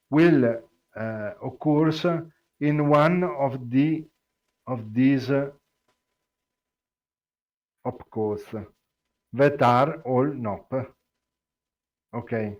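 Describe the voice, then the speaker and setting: A man with an Italian accent explains code on a live stream, very slowly, stopping often to search for words. The sound is dull and lo-fi. His voice sits at a middling pitch. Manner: halting, many fillers and restarts. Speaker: programming presenter.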